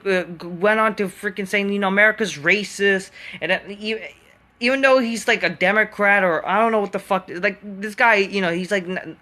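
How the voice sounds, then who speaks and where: A woman's voice: on the low side, sharp tone. Furious swearing woman ranting. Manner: furious, swearing constantly, rambling with many fillers and restarts. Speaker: online commentary host. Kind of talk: angry profane rant to camera.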